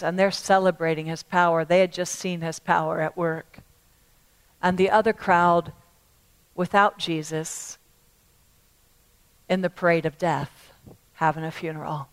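A woman preacher delivering a sermon to a congregation, emphatic and repetitive, swinging from loud appeals to hushed words. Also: fairly low pitch, steady tone, measured pace, pauses often, clean tone, low-quality recording. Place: church service.

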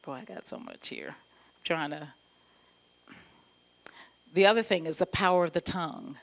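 A woman pastor giving an animated, conversational sermon, often laughing as she talks. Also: fairly low pitch, normal speed.

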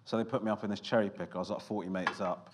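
Brief: low-pitched male comic, dry self-deprecating anecdote delivery, faint noise. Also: steady tone, racing. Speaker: comedian guest. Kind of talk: casual chat interview.

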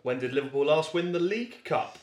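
High, lively man hosting a quiz. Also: brisk, echoey room, noisy background. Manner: laughs often, teasing. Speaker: podcast host. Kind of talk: casual quiz chat.

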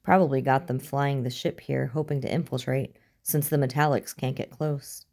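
A woman's voice: very deep voice, steady tone, moderate pace, darkish tone. A woman voicing a tough, blunt female squad commander who speaks in curt orders.

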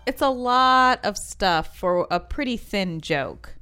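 A woman's voice: mid-range voice, animated, slow, over music. A woman co-hosting a casual chat, frank and wry about what she has watched. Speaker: podcast co-host. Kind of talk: casual chat reviewing commercials.

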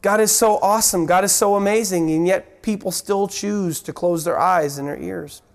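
A man's voice: normal speed, creaky. A man preaching a sermon and teaching from the Bible, earnest, stumbling and repeating words as he acts out the voices in the story. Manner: earnest, acts out quoted voices with sharp pitch drops and rises; repeats words, restarts phrases.

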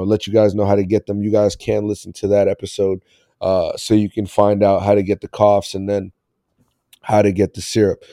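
A man's voice: on the low side, mellow, dry recording, studio quality. A man hosting a casual sports podcast, talking in a loose, rambling way and laughing often. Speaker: podcast host.

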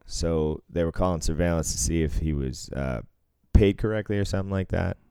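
A man's voice: low-pitched, brisk, dark tone, clean tone, no room sound. A man chatting casually, telling a story about his work and acting out what people said, laughing often. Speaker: casino floor supervisor. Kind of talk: casual chat.

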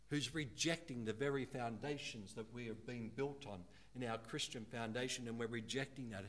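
A male pastor preaching a sermon in church. He speaks earnestly, slowing down to stress key words and growing animated when he acts out how people talk. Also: medium pitch. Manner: earnest, animated when quoting, slows for emphasis.

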